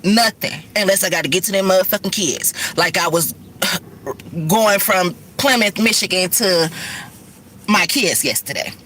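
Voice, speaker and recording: A middle-aged woman vlogging in casual chat, talking fast and rambling, with lots of swearing, seemingly from her car. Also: lowish voice, fairly bright tone, slight background noise. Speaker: vlogger and rideshare driver.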